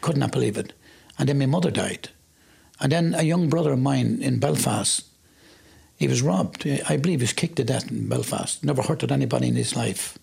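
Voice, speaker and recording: Middle-aged Irish man, very gravelly and husky voice, vivid storyteller who plays out the quotes. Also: medium pitch, a little fast, darkish tone. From Ireland. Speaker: interviewee. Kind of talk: personal testimony.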